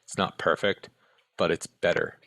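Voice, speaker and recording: A man's voice: sits low, lively intonation, normal speed, vocal fry, fairly bright tone, no room sound. An American man, a former case manager, answering interview questions bluntly and candidly, often tagging on "right?" and "okay?". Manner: blunt and direct, with frequent tag questions. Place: interview room.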